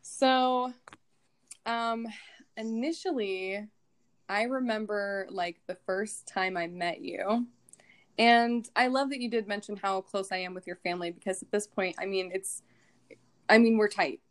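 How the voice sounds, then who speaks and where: A woman's voice: mid-range voice, a little slow. A woman in her thirties from the American Midwest, co-hosting a casual podcast, chatty and full of fillers and laughs. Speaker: podcast co-host. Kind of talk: casual chat.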